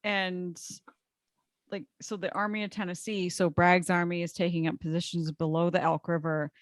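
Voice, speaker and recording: A woman's voice: on the low side, level tone, moderate pace, no echo, clean studio sound. A woman co-hosting a casual history podcast, chiming in with playful, jokey acted-out quotes. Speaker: podcast co-host.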